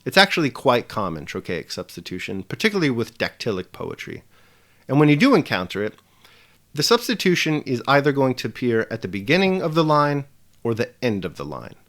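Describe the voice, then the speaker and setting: A man hosting a scripted literature lesson, measured and articulate, slowing down for key definitions. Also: medium pitch, huge pitch swings, a bit bright. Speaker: English teacher hosting a lesson channel.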